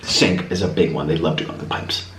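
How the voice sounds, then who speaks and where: A man vlogging a casual story while he eats, rambling and animated, with lots of restarts. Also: deep voice, fast talker. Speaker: mukbang vlogger. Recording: roomy echo, faint background hiss.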